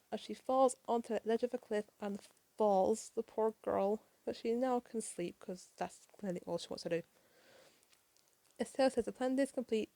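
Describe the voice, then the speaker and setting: A tired woman doing a casual late-night comic review, rushed and apologetic and swearing often. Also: fairly high pitch, creaky, mellow, no room sound.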